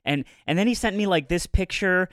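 Man, slightly high voice, podcast co-host, rambling casual chat, trailing off, dry sound. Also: fairly quick, fairly bright tone, no room sound. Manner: rambling, filler-heavy, voice trails off at phrase ends.

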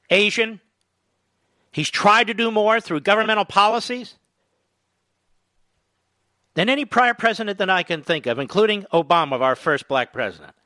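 A man's voice: high-pitched, bright, forceful tone, no echo. A man hosting a political talk radio show, emphatic and indignant, hammering points home by repeating them.

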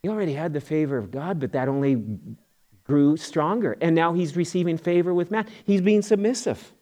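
A man's voice: fairly high pitch, fairly quick, warm tone. A middle-aged man preaching a sermon as pastor, in a conversational way, often repeating words and acting out quoted voices.

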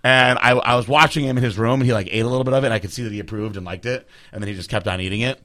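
Fast-talking bright-voiced storyteller man. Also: medium pitch. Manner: rambling, profane, self-deprecating. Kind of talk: casual storytelling.

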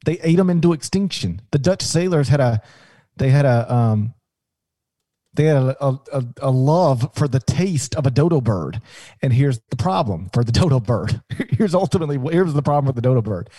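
A man chatting on a podcast, his voice mellow and warm in tone but swinging widely in pitch as he jokes and spins stories. The sound is dry and close, with no room around it. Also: normal speed, no room sound. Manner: animated, jokey storytelling with restarts. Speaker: podcast co-host, sports analyst. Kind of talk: casual podcast banter.

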